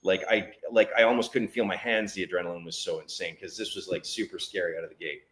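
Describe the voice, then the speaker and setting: Speaking fast in a low-pitched voice, this male guest, who owns a business, recounts a story conversationally and performs the dialogue of the other characters with animated energy.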